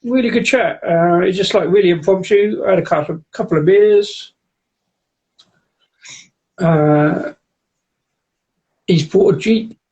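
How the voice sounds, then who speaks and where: A man with a high-pitched voice co-hosting a casual beer stream. He chats easily and greets viewers by name as they come in. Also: slow pace, long pauses, a little mellow, muffled recording. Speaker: beer review co-host. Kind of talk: casual live-stream chat.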